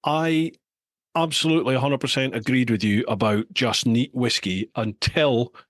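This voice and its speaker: A man's voice: medium pitch, normal speed, fairly bright tone, no echo. A man from the UK hosting a casual podcast chat, reading out listener questions with plenty of banter and laughter. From United Kingdom. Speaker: podcast host.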